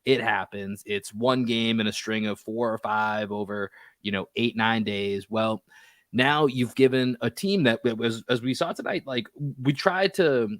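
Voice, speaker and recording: A man hosting a sports podcast talks in a middle pitch, quick and frustrated, stumbling over his own restarts. The sound is dry and close to the mic. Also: dry recording. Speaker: podcast host.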